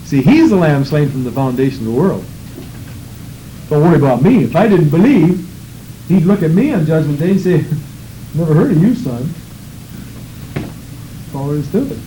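A man's voice: on the high side, expressive, moderate pace, pauses often, warm tone, slight background noise, low-quality recording. A man preaching a sermon in a church, reading scripture aloud and praying with fervent, rhythmic emphasis.

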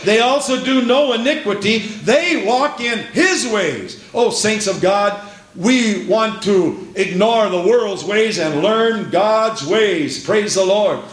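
A man's voice: high voice, slow. Fervent preacher man in an echoing hall. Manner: fervent, repeats phrases, calls out amen and praise the Lord. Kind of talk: sermon. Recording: very echoey hall with faint hiss.

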